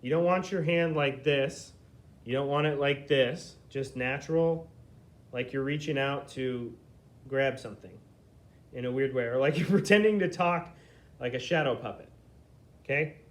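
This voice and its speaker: A man teaching a beginner flute lesson, explaining hand positions step by step and checking in often with "okay?". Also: mid-range voice. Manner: patient, explains slowly, checks in with frequent "okay?".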